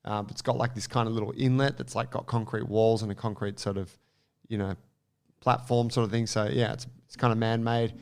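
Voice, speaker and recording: A man co-hosting a podcast, telling a story in an animated, casual way with lots of fillers and some swearing. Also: on the low side, fairly quick, creaky, clean tone. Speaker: podcast co-host.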